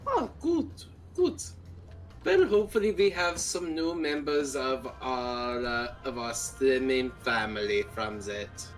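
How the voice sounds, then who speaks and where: A man's voice: mid-range voice, animated, takes it slowly, recorded from a distance, faint music behind. A man putting on a mock-German voice. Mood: playful. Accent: put-on German.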